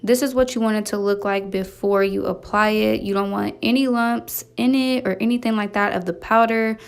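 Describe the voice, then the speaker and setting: A woman's voice: mid-range voice, fairly even intonation, normal speed, creaky. A young woman, chatting casually through a hair tutorial, rambling with lots of fillers and restarts, filmed on a phone at home. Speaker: hair vlogger. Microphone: phone camera. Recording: roomy, slightly distant phone recording with faint background hum.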